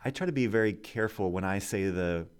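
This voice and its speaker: A man co-hosting a podcast, explaining scripture in a measured, unhurried way. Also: low voice, clear, resonant tone. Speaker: podcast co-host. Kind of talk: casual Bible discussion.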